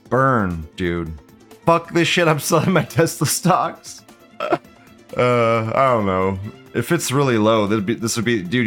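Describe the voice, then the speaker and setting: A man hosting a live stream, ranting fast and profanely while mocking what he reads. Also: mid-range voice, fairly bright tone. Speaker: streamer host. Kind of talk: casual live-stream rant.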